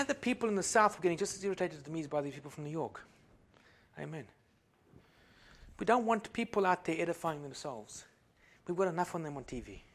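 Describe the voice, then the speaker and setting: High-voiced preaching man from Africa. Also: gravelly. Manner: swings between loud exhortation and quiet asides, peppered with amen and glory to God. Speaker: pastor. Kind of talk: sermon.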